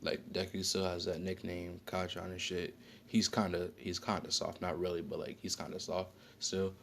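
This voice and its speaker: A man's voice: low voice, flat delivery, normal speed, creaky. A man casually telling an improvised story, rambling with slang, fillers and frequent self-corrections.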